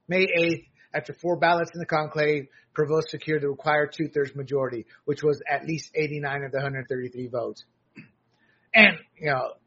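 Blunt, husky-voiced man ranting solo. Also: a little high, fairly bright tone, dull audio. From United States. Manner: blunt, sarcastic, with frequent restarts. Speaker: commentator. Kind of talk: opinionated solo commentary.

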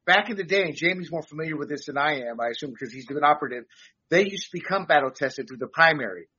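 A man's voice: fairly high pitch, animated, fast talker, sharp tone, slightly rough, muffled recording. A man hosting a political talk show, chatty and laughing often as he reads out figures. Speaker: podcast host.

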